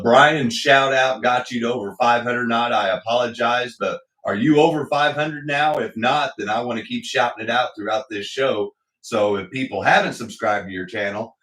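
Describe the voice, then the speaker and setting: A man's voice: medium pitch, a bit bright. A man hosting a casual livestream from his home hobby room. He rambles with many fillers and greets viewers in the chat. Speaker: livestream host. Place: home hobby room with slot car track. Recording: echoey room, voice picked up from a distance.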